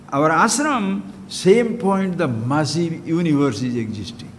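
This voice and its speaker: A man giving a spiritual discourse as a teacher, speaking emphatically and putting questions straight to his listeners. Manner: emphatic, questions listeners directly, wide swings in pitch and loudness. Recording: long hall reverb with faint background hiss.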